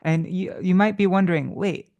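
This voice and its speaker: A man teaching Sanskrit verse meter in a relaxed, casual way, correcting himself, chuckling, and chanting syllables slowly. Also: sits high, gravelly, muffled recording. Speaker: devotional study teacher.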